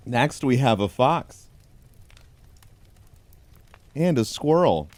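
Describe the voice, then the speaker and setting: A man reading a pun book aloud in a dry, deadpan comedic tone, chuckling along. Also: mid-range voice, slow pace, few pauses, dry recording. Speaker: comedy host.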